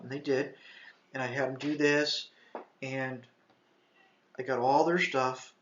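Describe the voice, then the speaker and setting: A man, a retired park ranger, telling a tense first-person story, halting and restarting, and shouting the commands he once gave. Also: mid-range voice, little pitch movement. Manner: intense, shouts quoted commands. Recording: echoey, slightly dull sound.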